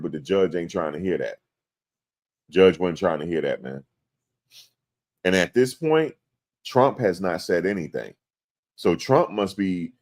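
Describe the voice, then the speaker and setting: A man giving casual commentary on a court case to his viewers, talking in loose slang and acting out quotes. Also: deep voice. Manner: animated, slangy, acts out quotes in exaggerated voices. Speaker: commentary host. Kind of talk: casual live-stream commentary.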